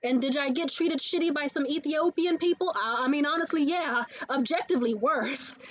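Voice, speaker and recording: High-voiced woman, profane vlog storyteller. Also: moderate pace, fairly bright tone, dull audio. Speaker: vlogger. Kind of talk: casual life-update vlog. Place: indoors in a room.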